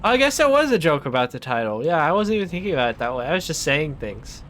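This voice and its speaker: A man's voice: on the high side, very animated, quick pace, fairly bright tone, slight background noise. A man streaming a horror game, joking sarcastically and talking back to the game. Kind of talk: gaming commentary.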